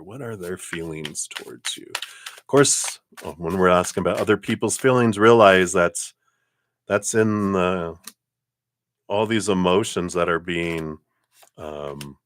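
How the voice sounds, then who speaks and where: Very low-voiced man giving card readings. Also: fairly bright tone. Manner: meandering, many fillers and self-corrections; laughs often between remarks. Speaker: tarot card reader. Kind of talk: live-stream card reading.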